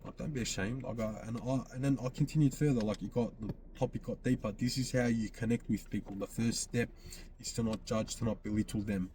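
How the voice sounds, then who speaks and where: A man's voice: mid-range voice, fairly even intonation, fairly quick, warm tone, slight background noise. A man hosting a podcast, telling a personal story in casual speech, often quoting himself and repeating phrases. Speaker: podcast host.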